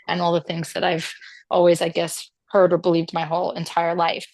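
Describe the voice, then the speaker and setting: A woman's voice: fairly low pitch, little pitch movement, moderate pace, dry recording. A woman who runs a homeschool center, candidly telling a rambling personal story on a group video call. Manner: candid, rambling, with self-deprecating laughs.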